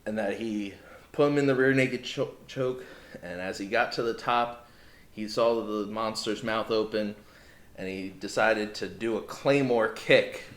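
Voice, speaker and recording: A podcast co-host recaps a wrestling show in blunt, sarcastic, casual chat, telling the story with swearing mixed in. His mid-range voice is fairly bright, and the room is echoey.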